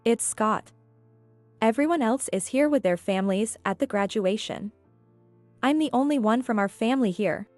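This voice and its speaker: Woman reading angry blaming husband, demanding tone, kinda high, dry audio. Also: normal speed, darkish tone, no echo, soft background music, close to an everyday voice. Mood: indignant. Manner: demanding, indignant.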